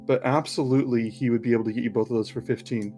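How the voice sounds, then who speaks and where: A man narrating as game master of a tabletop game, relaxed with frequent ums. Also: medium pitch, racing, soft background music.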